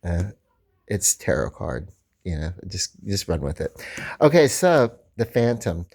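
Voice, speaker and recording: A man's voice: deep voice, big pitch swings, unhurried, darkish tone. A man with a Southern accent, rambling casually through a video, full of fillers and restarts. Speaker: comic book vlogger.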